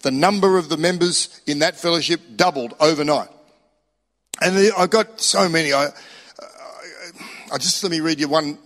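A middle-aged Australian man preaching in a somewhat high voice, telling stories in a chatty, emphatic way. His voice rings out with a long reverb, as in a church hall. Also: moderate pace, pauses often, a bit bright. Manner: chatty storytelling, emphatic rises. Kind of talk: sermon.

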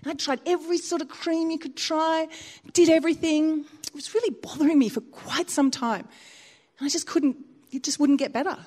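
A woman preaching a sermon in a church, in a fairly high voice. She tells stories with animated swings of pitch and often laughs. Her delivery is personal and conversational. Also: brisk.

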